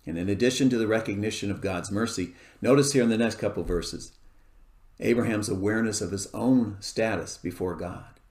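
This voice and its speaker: Lowish-voiced man preaching in an echoey room. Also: darkish tone. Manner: measured, explaining scripture verse by verse. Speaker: pastor. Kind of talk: expository sermon.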